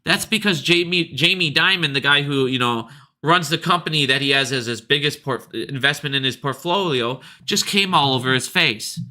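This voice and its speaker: A man's voice: fairly high pitch, normal speed, sharp tone. A man giving profane, sarcastic commentary and mocking people in a rant. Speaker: video commentator. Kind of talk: ranting commentary.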